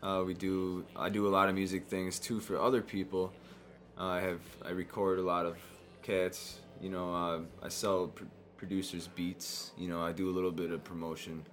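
A man speaking as a musician guest in casual chat, halting and leaning on lots of fillers. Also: low voice, little pitch movement, a bit bright, soft background music.

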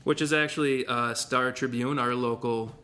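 A man's voice: medium pitch, steady tone, moderate pace, bright, forceful tone. A man hosting a casual podcast, joking and rambling with his co-host.

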